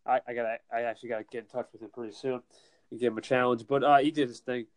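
A man's voice: medium pitch, steady tone, rapid-fire, dry recording. A man from New Jersey chatting casually as an internet radio host, rambling with lots of restarts and fillers. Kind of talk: casual chat. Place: home, winter in New Jersey.

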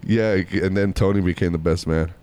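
A man's voice: low-pitched, fairly even intonation, brisk, noisy background. A man casually telling a long story among friends, rambling with many fillers and restarts.

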